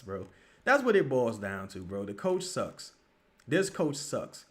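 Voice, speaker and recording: Profane ranting man, lively swings. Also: mid-range voice, unhurried. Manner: profane, frustrated ranting with sudden loud outbursts. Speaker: streamer reacting to a live game. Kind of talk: live game reaction, watch-along.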